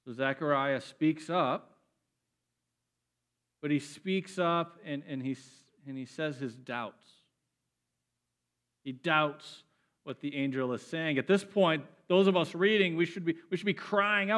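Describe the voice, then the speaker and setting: A man preaching a sermon, animated and emphatic, often repeating words as he builds up. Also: on the high side, measured pace, long pauses. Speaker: pastor.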